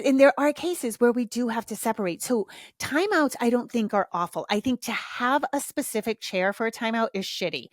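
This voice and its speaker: A woman's voice: mid-range voice, no room sound. Middle-aged woman host, blunt and profane, casual parenting talk, dry close-mic sound. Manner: blunt, frank, swears freely. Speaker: podcast host, parenting coach. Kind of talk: casual chat, candid advice.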